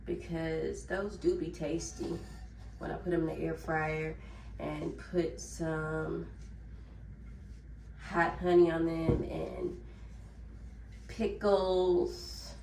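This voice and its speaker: Cleaning her kitchen at home, a Southern-accented woman from Memphis, Tennessee talks casually for her lifestyle vlog. She speaks very slowly and expressively in a low, creaky, darkish voice with frequent pauses, recorded off-mic in a roomy space with slight background noise.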